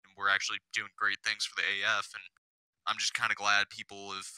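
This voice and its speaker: A man's voice: on the low side, monotone, fairly quick, pushed and bright, clean tone, dry recording, poor audio. A man on a casual podcast, telling a long story full of "you know" fillers and swearing. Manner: rambling, profane storytelling with many fillers. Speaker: podcast guest.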